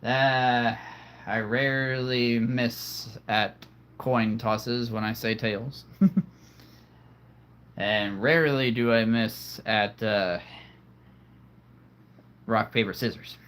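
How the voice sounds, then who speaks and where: A man's voice: fairly low pitch, steady tone, slow, long pauses, fairly bright tone. A man hosting a casual livestream, chatting playfully with viewers and laughing at his own jokes. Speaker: livestream host.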